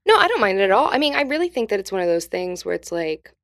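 A woman comedian on a podcast, telling family stories in a casual, animated way and acting out the voices of the people in them. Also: mid-range voice, fast talker. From New Mexico, US. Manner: animated, acts out quoted voices. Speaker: comedian guest.

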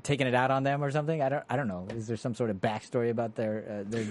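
A man's voice: medium pitch, very fast. A man co-hosting a casual podcast chat, talking animatedly with many restarts and acting out quotes. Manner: animated, acts out quotes, frequent laughs and restarts. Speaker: podcast co-host.

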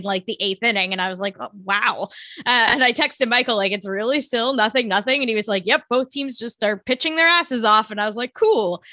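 Bright-voiced laughing woman podcast host. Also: mid-range voice, no echo, clean studio sound. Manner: laughing, rambling storyteller. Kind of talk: casual chat.

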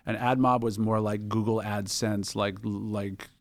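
Gravelly low guy on a podcast telling a story, casual, swears a bit, dry close sound. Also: unhurried, no room sound. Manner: animated, swearing, acts out quoted dialogue. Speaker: podcast guest, entrepreneur.

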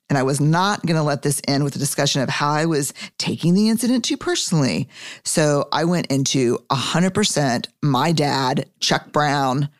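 A woman hosting a podcast, reading her own memoir aloud with wry asides, swearing and laughing often. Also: low-pitched. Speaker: podcast host.

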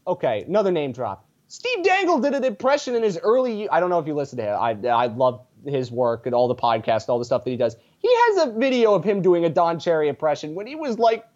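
A man's voice: fairly high pitch, big pitch swings, fast talker, few pauses, a little mellow. A man chatting as a podcast guest, rambling through tangents with a sarcastic sense of humor. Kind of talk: casual podcast chat. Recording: dull lo-fi sound.

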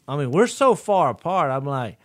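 A middle-aged man, telling a story in a folksy, animated way during casual chat. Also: fairly high pitch, moderate pace, no room sound, studio quality. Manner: folksy, animated, laughs through his stories. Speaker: podcast co-host.

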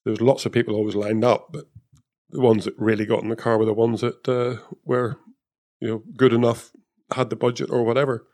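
A man's voice: medium pitch, little pitch movement, a little fast, darkish tone. A man, a former motor racing engineer, talking casually in an interview, rambling with many fillers and restarts. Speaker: former F1 technical director and race engineer.

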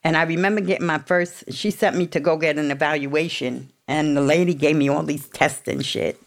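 A woman's voice: deep voice, steady tone, brisk, creaky. A woman with a New York accent telling her recovery story candidly, in a blunt, profane, street-tough way. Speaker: speaker sharing a recovery story.

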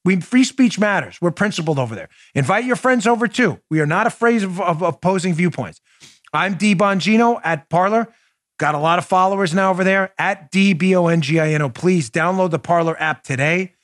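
A middle-aged man hosting a podcast, giving mocking, animated political commentary with loud outbursts. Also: high voice, fairly quick. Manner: mocking, loud outbursts, mock-theatrical recitation. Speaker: podcast host.

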